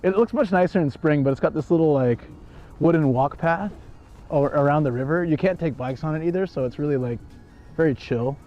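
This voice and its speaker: A man streams live from a park and tells a story at a loose, rambling pace. His voice sits a little high, and he chuckles often. The sound is dull and lo-fi. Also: brisk, slight background noise. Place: outdoors in a park.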